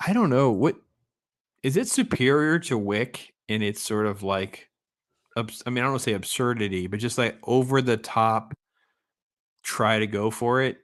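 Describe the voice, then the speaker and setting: A man hosting a casual movie review chat, rambling and animated, often trailing off and restarting. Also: medium pitch, normal speed. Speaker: podcast host.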